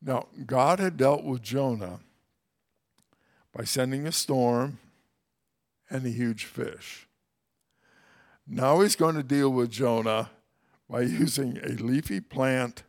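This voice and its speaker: A man teaching through a Bible passage in a conversational way, with wry, folksy asides. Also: mid-range voice.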